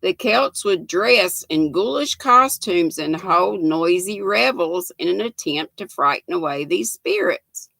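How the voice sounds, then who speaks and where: A woman's voice: fairly low pitch, lively intonation, unhurried, gravelly, hardly any pauses, fairly bright tone, no echo. An older woman hosting a casual livestream, chatting with viewers by name and reading trivia aloud. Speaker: livestream host.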